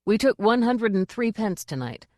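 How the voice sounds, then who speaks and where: Brisk, penny-counting troupe boss, read by a woman. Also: medium pitch, very animated, mellow, no room sound, clean studio sound, pitched above the performer's own voice, close to an everyday voice. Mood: firm. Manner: firm, brisk, businesslike. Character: shrewd male dwarf actor-manager.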